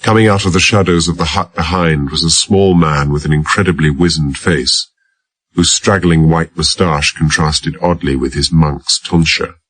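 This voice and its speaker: Very deep, husky male audiobook narrator. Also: steady tone, normal speed, fairly bright tone, no room sound. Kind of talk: scripted narration.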